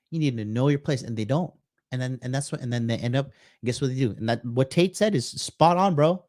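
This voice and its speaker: A man's voice: medium pitch, brisk, darkish tone, no room sound. Profane ranting male streamer, dry sound. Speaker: streamer host. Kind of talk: live reaction stream.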